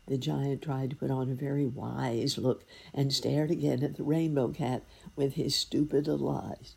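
A woman narrating a fairy tale in an expressive, lively storytelling manner. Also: extremely low pitch, moderate pace, gravelly, slightly rough.

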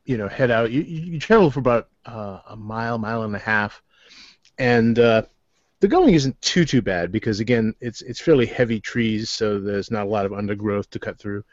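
A man runs a tabletop game, his lowish voice stumbling through descriptions with plenty of ums and restarts. The sound is dry and close, with a dull, lo-fi quality. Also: lively intonation, no echo. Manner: halting, many fillers and restarts. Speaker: game master.

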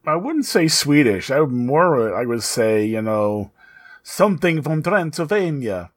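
A man's voice: medium pitch, very animated, a little slow. A man co-hosting a tabletop game podcast in casual chat, cutting in with jokes. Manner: joking interjections. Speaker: podcast co-host.

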